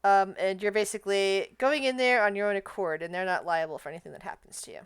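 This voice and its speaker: A woman's voice: medium pitch, fast talker, smooth, dry recording. A woman running a tabletop game as game master, describing scenes and explaining rulings in a conversational way.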